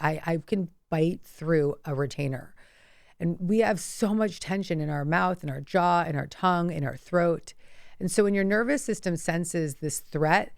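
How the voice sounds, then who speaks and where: A woman teaching guided relaxation, coaching softly and slowly with breath cues. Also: on the low side, creaky, clear, resonant tone, no room sound, clean studio sound. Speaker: self-help teacher.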